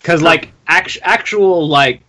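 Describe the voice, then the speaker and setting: Male player, bright tone, halting and explanatory. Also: fairly high pitch. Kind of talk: casual tabletop game chat.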